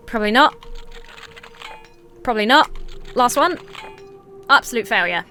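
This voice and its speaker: A woman's voice: fairly high pitch, lively intonation, unhurried, sharp tone, slight background noise. A woman giving rambling, chatty let's play commentary, talking to herself as she plays. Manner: rambling, chatty self-talk while playing. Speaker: gaming video creator.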